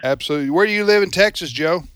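A man's voice: high-pitched, very fast, clean tone. A man co-hosting a radio trivia show, teasing callers and posing questions. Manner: animated, teasing. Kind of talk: casual radio chat.

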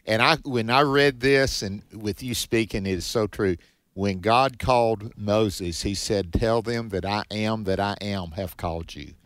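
A man's voice: fairly low pitch, measured pace, a bit bright, dry recording. A man co-hosting a Bible teaching show, giving earnest, preacherly exhortations in a conversational way.

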